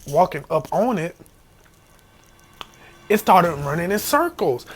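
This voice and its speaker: A young man telling a scary story in casual storytime style, animated and jumping to high squeals when he quotes himself. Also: normal speed, long pauses. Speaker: storyteller vlogger. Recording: faint background noise.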